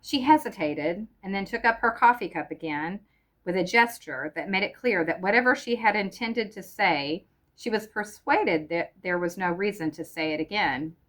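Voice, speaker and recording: A woman narrating a short story in a measured, even audiobook reading. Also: mid-range voice.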